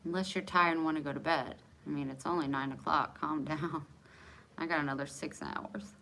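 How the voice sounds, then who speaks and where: A woman in her forties with a slightly low voice, chatting live with her viewers. She is candid and self-mocking, teasing commenters by name and laughing easily between remarks. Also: fairly even intonation, moderate pace, creaky, bright, forceful tone, a little hiss or hum. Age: 40s. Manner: laughs often between lines. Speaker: livestream host. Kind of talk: casual live chat with viewers.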